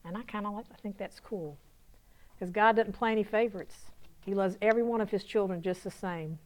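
A woman pastor with a Southern US accent preaching at a conference, folksy and chatty, building to excited call-and-response. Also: medium pitch, a little fast. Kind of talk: sermon. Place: church conference hall.

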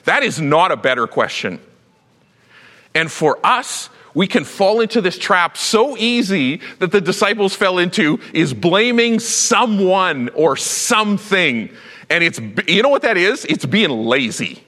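A male pastor preaching a sermon, telling a Bible story with lively acted-out voices. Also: sits high, measured pace, in a large hall. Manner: animated storytelling, acts out Bible characters.

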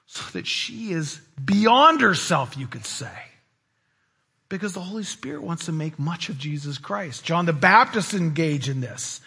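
Husky, bright-voiced male preacher. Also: high-pitched. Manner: animated, swinging between loud emphasis and hushed asides. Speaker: pastor. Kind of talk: sermon.

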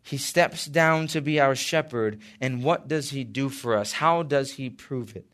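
A man preaching a sermon as pastor, slow and emphatic with dramatic pauses and light asides. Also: mid-range voice, a bit bright.

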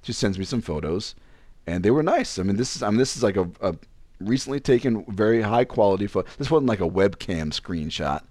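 Lively storytelling man, low voice. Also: brisk, no room sound. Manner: animated, acts out quoted lines with pitch jumps. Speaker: podcast host telling a story. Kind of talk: casual storytelling.

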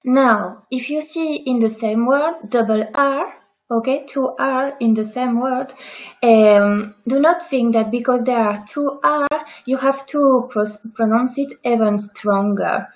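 A woman's voice: on the high side, measured pace, lo-fi sound. A woman with a French accent, a native French speaker, teaching pronunciation patiently and demonstrating words. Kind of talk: pronunciation lesson.

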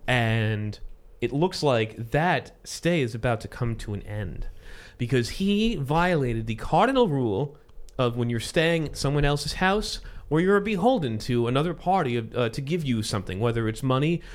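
A man's voice: mid-range voice, animated, moderate pace, few pauses. A man hosting a casual podcast chat, rambling with asides and restarts. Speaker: podcast host.

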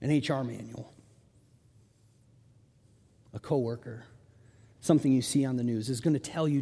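A man preaching a sermon with animated storytelling, his voice rising into shouts when he acts out the people in the story. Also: on the high side, moderate pace, creaky, pauses often. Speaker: pastor. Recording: long hall reverb.

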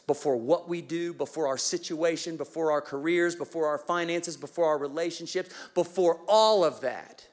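A man preaching a Christmas sermon as pastor, telling a story with lively, animated delivery that drops to hushed tenderness. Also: a little high.

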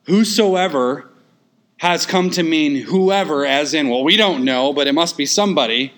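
An emphatic expository sermon comes from a man who repeats central phrases, adds rapid asides and leans hard into sudden emphasis. His tone is fairly high-pitched and fairly bright.

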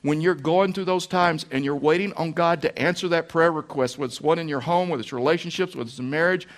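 A man's voice: on the high side, quick pace. A man preaching a sermon as a pastor, telling stories in a folksy way and repeating phrases for emphasis.

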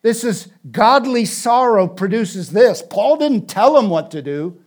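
A man preaching a sermon in an earnest, emphatic way, building on repeated phrases and dropping to a soft, intense tone. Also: high voice, animated, measured pace.

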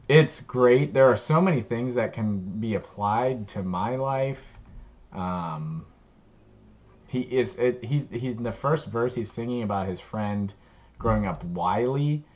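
As a podcast co-host, a man gives a music recommendation in a relaxed, eager chat, laughing and rambling about songs he likes. He talks at a slow pace in a fairly low-pitched voice.

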